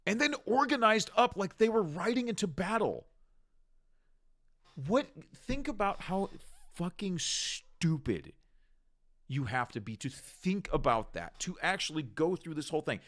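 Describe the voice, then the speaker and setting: A man's voice: high-pitched, big pitch swings, unhurried, fairly bright tone. Guy ranting over clips, swears a lot, voice swinging all over the place, mocking and fed up. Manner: exasperated, mocking, profane. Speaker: commentary host. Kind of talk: ranting video commentary.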